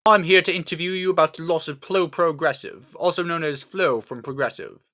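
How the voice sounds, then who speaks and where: A man's voice: a little high, brisk, sharp tone, pitched above the performer's own voice. A man voicing a pompous, boastful male detective in a read-aloud crime story. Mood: probing. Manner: boastful, blustering.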